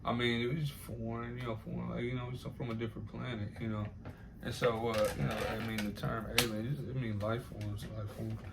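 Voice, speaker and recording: A man's voice: medium pitch, level tone, a little fast, creaky. Rambling profane man, faint background hiss. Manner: profane, repetitive, laughing asides. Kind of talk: casual rambling monologue.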